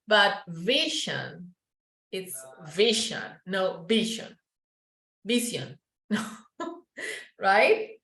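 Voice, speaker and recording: A woman from Colombia with a Paisa Spanish accent, teaching an English class and modelling sounds slowly, slipping into Spanish to explain. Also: medium pitch, fairly bright tone, echoey room, poor audio.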